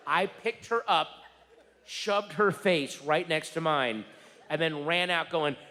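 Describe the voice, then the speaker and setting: A man doing stand-up comedy in a theater, telling a story in rapid, exasperated bursts that build into shouts. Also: fairly high pitch. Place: large theater stage. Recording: reverberant theater with faint room noise.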